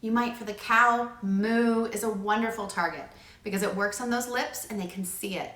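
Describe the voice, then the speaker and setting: A woman speech-language pathologist explaining to parents how to use puzzles in play, breaking into animated sing-song animal sounds as she models them. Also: medium pitch, moderate pace, echoey room. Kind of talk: demonstrating play strategies to parents.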